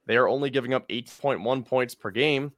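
A man's voice: medium pitch, fairly quick, fairly bright tone, no room sound. Man rattling off team stats, dry sound. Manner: reads off stats in a rambling, self-correcting way. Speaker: podcast co-host. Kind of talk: casual sports podcast chat.

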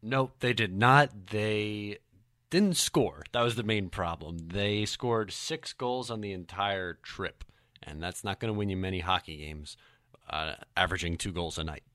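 Low-voiced guy with a bright edge, dry close mic, measured sports chat. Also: dry recording. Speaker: podcast co-host.

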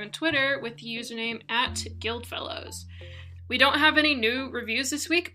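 A woman's voice: on the high side, pushed and bright. A woman game master and podcast host, talking chattily with many fillers. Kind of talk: casual chat and read announcements.

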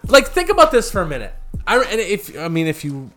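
A man's voice: high voice, huge pitch swings, a little fast, sharp tone, soft background music. A young man, co-hosting a casual podcast chat, rambling and profane and working himself up into rants. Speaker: podcast co-host.

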